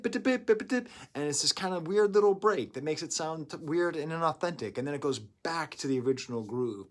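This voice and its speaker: A man's voice: medium pitch, a bit bright. A man giving a rambling, jokey music review monologue to the camera, humming and imitating sounds as he goes. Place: indoors, talking to camera.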